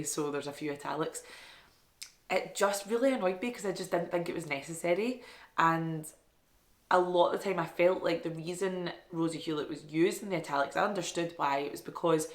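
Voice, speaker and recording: A woman chatting casually about books she loved, enthusiastic and self-deprecating. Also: low voice. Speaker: book reviewer. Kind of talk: casual book review vlog. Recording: echoey room.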